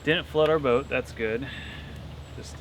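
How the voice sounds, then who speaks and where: A man chatting casually as a travel vlogger on a canal narrowboat, easygoing and quick to laugh. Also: mid-range voice, slight background noise. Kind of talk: casual vlog chat.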